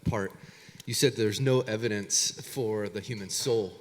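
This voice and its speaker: A man's voice: on the low side, a little slow, in a large hall, a little hiss or hum. A man moderating audience questions on stage, speaking loosely with hesitant fillers.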